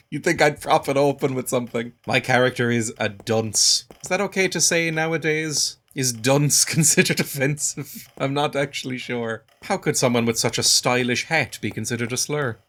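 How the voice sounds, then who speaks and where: A man's voice: mid-range voice, moderate pace, a bit bright, soft background music. A young man giving dry, self-deprecating comedic commentary while playing a video game. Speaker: gaming video host. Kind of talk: comedic let's play commentary.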